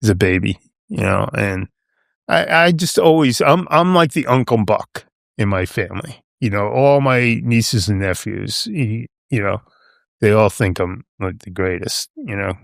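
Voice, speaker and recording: A man's voice: lowish voice, lively intonation, unhurried, creaky, no echo, clean studio sound. A man in his seventies from Long Island, telling a story as a podcast guest, rambling and dropping "you know" and "right?" all the way through. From Long Island, New York. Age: 70s. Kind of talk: casual storytelling.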